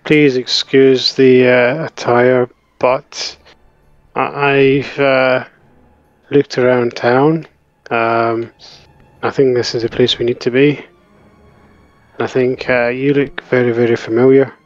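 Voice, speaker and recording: A man playing a tabletop game, speaking his character's lines haltingly. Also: medium pitch, level tone, dry recording, dull audio, faint music behind. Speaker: player.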